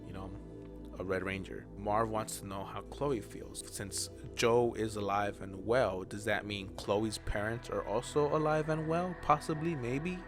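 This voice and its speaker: A man's voice: fairly low pitch, unhurried. A young man casually recapping a show episode, rambling and chatty, with lots of "you know" and "like.". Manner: drops to an aside whisper now and then. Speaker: recap host. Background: background music.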